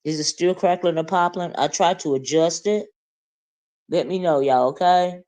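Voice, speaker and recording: Low-voiced chatty woman livestream host. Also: normal speed, a little mellow. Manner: chatty, greets viewers, lots of "right?" and "y'all". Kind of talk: casual livestream chat.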